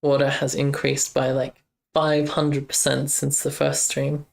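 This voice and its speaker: A young streamer talks through code in a loose, rambling way, breaking off to chat with viewers. The voice stays flat and even, with a gravelly fry underneath. The talk is relaxed and unscripted, live game-dev stream chatter. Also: mid-range voice, measured pace. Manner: rambling, thinks aloud, chats with viewers. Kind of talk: casual live-stream chat while coding.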